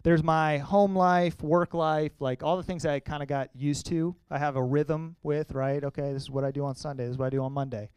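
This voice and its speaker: Young male speaker for an emotional church testimony: casual and earnest, with a smooth, clear voice. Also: fairly high pitch, flat delivery, darkish tone, no room sound. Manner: earnest, conversational, halting with emotion. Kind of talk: personal testimony to a congregation.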